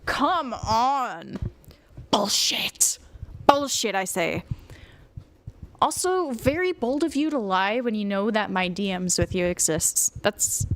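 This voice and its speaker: A woman commenting on an online apology, blunt and sarcastic, swearing freely, then calm and measured when she lays out her points. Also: mid-range voice. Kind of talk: commentary reacting to a written apology.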